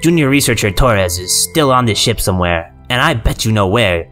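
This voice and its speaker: Man doing a gruff, sinister possessed general. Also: fairly low pitch, animated, a bit bright, faint music behind. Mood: eerily kind. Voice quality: gruff, slow and delicate. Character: sinister male military general, possessed, coldly coaxing.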